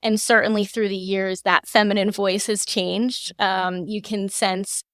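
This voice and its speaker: A woman in her thirties, a fashion designer, answering interview questions in a measured, polished way with frequent fillers, close to the mic. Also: medium pitch, little pitch movement, no echo. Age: 30s. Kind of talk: podcast interview.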